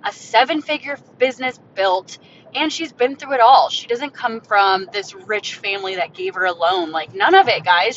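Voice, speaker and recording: A young woman from Florida hosting a casual podcast, talking excitedly into her phone while driving in her car. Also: moderate pace. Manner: excited, upbeat, salesy. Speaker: podcast host. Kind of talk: casual solo podcast pitch. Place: in a moving car. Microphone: phone mic. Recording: dull phone recording with car rumble.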